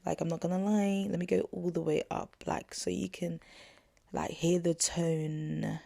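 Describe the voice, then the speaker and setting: In a clean, echo-free studio recording, a young podcast host with a lowish, gravelly, mellow voice speaks a little slowly and flatly. She indignantly relates an argument from her own life to listeners, chatting in slang with many asides and "not gonna lie" fillers.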